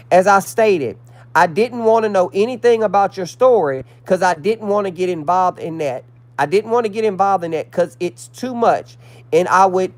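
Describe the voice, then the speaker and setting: High-voiced indignant man on a livestream. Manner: indignant, reads messages aloud to viewers. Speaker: livestream host. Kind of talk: casual livestream commentary.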